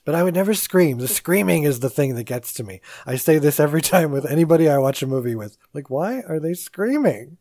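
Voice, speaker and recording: Casual chat co-host, calm measured talk, frequent laughter, mid pitch, dry close sound. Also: dry recording. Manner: laughs often, acts out quoted voices.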